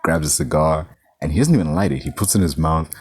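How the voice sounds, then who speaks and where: A man's voice: a bass voice, sing-song, fast, a little mellow, breathy edge, dry recording. A man giving a casual, rambling movie review, swearing freely and saying "like" a lot. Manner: rambling, profane, heavy use of "like".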